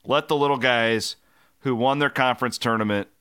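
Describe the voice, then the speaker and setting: Male co-host, casual sports chat, bright tone, dry close sound. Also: mid-range voice, fairly even intonation, moderate pace, clear, resonant tone, dry recording. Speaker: podcast co-host.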